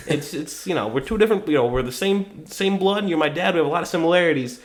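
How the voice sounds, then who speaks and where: Talking fast with barely a pause, the young co-host has a fairly high voice this time. The room echoes as he swaps rambling stories, swears often, and laughs through the casual conversation.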